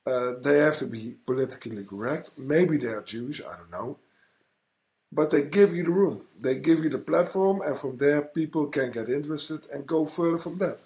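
A man's voice: on the high side, normal speed, a little mellow. A man hosting a talk show, cutting in with blunt, short remarks. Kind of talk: casual talk-show conversation.

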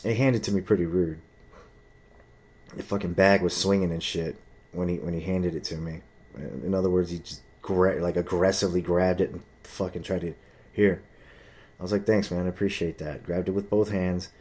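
Young guy ranting and cussing, deep mellow voice, tells a story and does the voices. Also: steady tone, a little fast, slightly rough. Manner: profane, heated, acts out quoted voices. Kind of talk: casual ranting monologue.

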